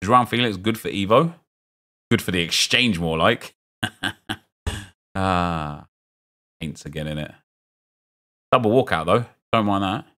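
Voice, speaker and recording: A young man streaming a football game, chatting with viewers and reacting loudly to what he opens. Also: sits low, a little slow, long pauses. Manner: chatty, reads chat aloud, gets loud and excited at good pulls. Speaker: gaming streamer. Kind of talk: live stream commentary opening game packs.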